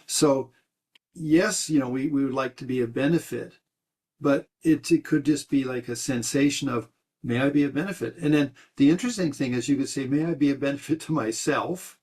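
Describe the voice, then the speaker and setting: Male meditation teacher, mid-pitched, rambling, patient dharma talk. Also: moderate pace, a little mellow. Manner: rambling, many restarts and fillers. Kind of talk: dharma talk answering questions.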